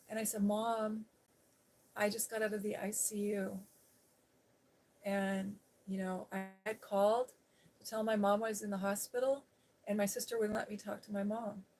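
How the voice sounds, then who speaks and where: A woman's voice: mid-range voice, flat delivery, normal speed, darkish tone, slight background noise. Woman telling a rambling personal story. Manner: rambling, storytelling, quoting others with changes of tone. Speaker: ASMR channel host. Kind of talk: casual personal talk on a live stream. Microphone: seated on a day bed, live stream.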